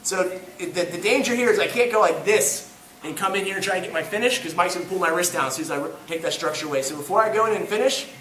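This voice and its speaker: This man's voice is high, pushed and bright. A jiu-jitsu instructor, he teaches a live grappling class in an indoor training gym, demonstrating moves on a partner and making jokes at his own expense while he coaches. The echoey gym recording is captured from far away.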